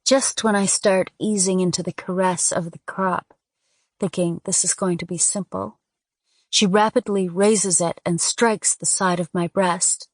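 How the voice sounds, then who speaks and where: A woman reading a first-person audiobook in a measured, intimate storytelling manner. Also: fairly low pitch, fairly even intonation, no room sound, clean studio sound. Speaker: audiobook narrator.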